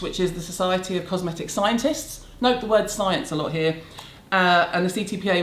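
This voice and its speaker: She's a middle-aged beauty vlogger from Britain, ranting with blunt sarcasm to camera in a laid-back video. Her voice sits lowish, and the recording, made in a room at her city home, carries a roomy echo plus a little hiss or hum.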